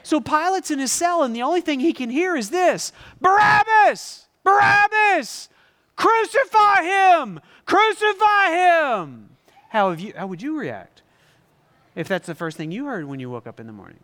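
A man preaching a sermon to a congregation, animated, asking them questions and acting out scenes. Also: sits high, fast talker. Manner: animated, asks the audience questions and acts out scenes. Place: large hall before a live congregation. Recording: long reverb in a large hall.

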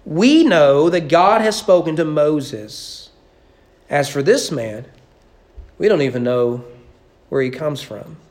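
A man playing haughty male religious leaders who speak slowly and mockingly, as if looking down on others. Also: mid-range voice, lively intonation, a little mellow, close to an everyday voice.

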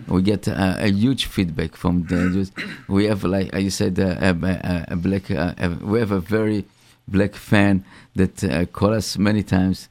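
A man hosting a casual interview chimes in with hesitant remarks. His voice is low and the sound is dry and close. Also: measured pace, darkish tone, no echo. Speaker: host.

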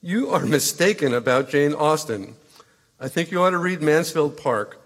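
An actor reading letters as a stern, opinionated literary critic who lectures and corrects. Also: male voice, on the high side, expressive, moderate pace. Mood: lecturing. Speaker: letter reader. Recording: long hall reverb.

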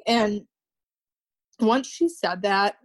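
Young woman telling a painful story. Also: mid-range voice. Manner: halting, repeats herself, many restarts. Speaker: podcast guest. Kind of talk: emotional personal storytelling.

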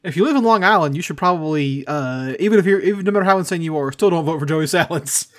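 A man's voice: fairly high pitch, fast. A man co-hosting a podcast, swearing freely and ranting with mocking asides. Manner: profane, ranting, does mocking quoted voices. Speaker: podcast co-host. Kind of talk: casual comedic political chat.

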